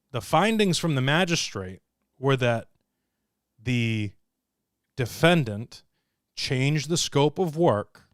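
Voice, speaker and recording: Telling a lengthy story to livestream viewers, a host jokes, curses freely and performs the other characters' dialogue with animation. His voice is smooth, clear and medium-pitched, captured in a dry, close recording.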